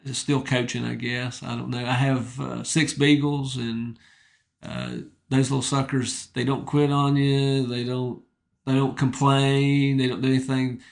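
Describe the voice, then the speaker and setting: A man's voice: medium pitch, little pitch movement, measured pace, vocal fry. A middle-aged man, a retired wrestling coach, telling humble, straightforward stories in a casual interview. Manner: humble, straightforward, rambling anecdotes.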